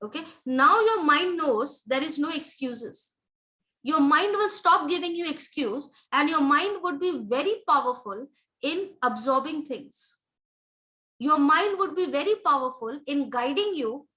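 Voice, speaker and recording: A woman's voice: high voice, expressive, a little slow, bright, forceful tone, rough recording. A woman leading a live motivational training session as a life coach, emphatic, repeating her key points and checking in with her listeners.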